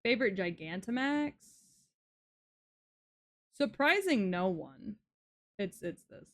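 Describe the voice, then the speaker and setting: A woman's voice: mid-range voice, big pitch swings, takes it slowly. A young woman streaming live, chatting casually with her audience, swearing often and shrieking when thrilled. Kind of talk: casual livestream chat.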